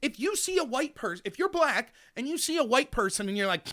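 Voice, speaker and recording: A man's voice: very high voice, brisk. A man hosting a political talk show, giving an opinionated monologue and speaking straight to his listeners. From United States. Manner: animated, opinionated, addresses listeners directly. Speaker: host.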